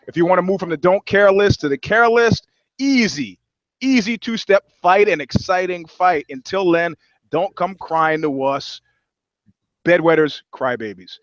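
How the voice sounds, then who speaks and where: A man's voice: high voice, unhurried, no echo, muffled recording. A man co-hosting a podcast, chatting casually and jokingly and going off on mock-scolding rants. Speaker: podcast co-host. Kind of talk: casual comedic chat.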